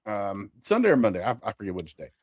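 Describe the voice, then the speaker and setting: A man's voice: fairly low pitch, sing-song, fast talker, a little mellow, dry recording. A man, telling his story as a podcast guest in an easygoing way. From Kentucky, US. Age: 40s. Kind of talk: casual interview.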